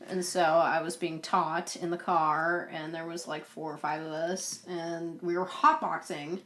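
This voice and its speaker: A young woman co-hosts a podcast, telling a story in casual chat with a low voice at a measured pace. She's animated and laughs often as she goes.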